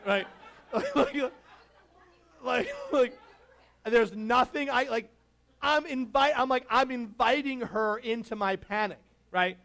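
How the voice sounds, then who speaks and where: A man's voice: sits high, moderate pace, vocal fry, a bit bright. A man preaching a casual, conversational sermon, laughing often and asking the congregation questions. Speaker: pastor.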